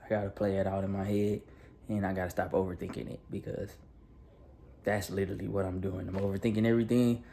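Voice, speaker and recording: A man in his thirties preaching a casual, animated storytelling sermon that is full of laughs, with a nervous edge. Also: low-pitched, quick pace, vocal fry, slight background noise. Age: 30s. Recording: echoey room from a distance.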